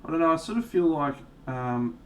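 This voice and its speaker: A man's voice: on the high side, a little fast. Laid-back guy streaming while painting. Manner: relaxed, swears, chats with viewers, bursts into sung lines and silly voices. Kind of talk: casual live-stream chat. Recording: voice a bit off-mic with faint background hum.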